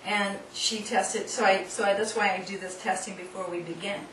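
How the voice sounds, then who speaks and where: A woman's voice: mid-range voice, steady tone, normal speed, fairly bright tone. A woman speaker leading a live workshop demonstration with volunteers, coaxing and instructive, often laughing. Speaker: seminar speaker. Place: hall with an audience. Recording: distant, echoey room recording with noise.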